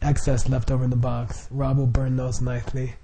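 Mellow-voiced man, rambling and chuckling. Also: medium pitch, completely flat delivery, fairly quick, gravelly, slight background noise. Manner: rambling, chuckling, many fillers and restarts. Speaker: Buddhist group leader. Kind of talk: informal instruction to a group.

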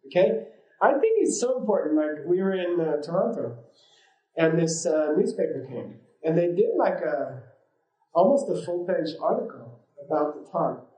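A man with a slightly high voice teaches a class in a loose, rambling way, full of fillers, side stories and easy laughter. His voice carries a noticeable room echo, as if he is speaking in a roomy indoor space. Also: lively intonation, moderate pace, warm tone. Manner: rambling and informal, many fillers, laughs easily. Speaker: yoga and meditation teacher. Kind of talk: casual teaching talk with anecdotes.

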